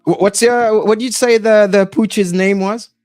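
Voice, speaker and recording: A man's voice: high-pitched, steady tone, normal speed, darkish tone, no room sound, faint music behind. A man hosting a casual chat, joking and rambling with many restarts. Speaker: host.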